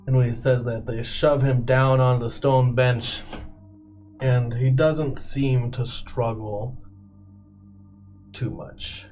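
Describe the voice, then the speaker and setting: A man serving as game master in a tabletop game, narrating violent scenes in slow, graphic detail. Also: medium pitch, fairly even intonation, a little mellow, soft background music.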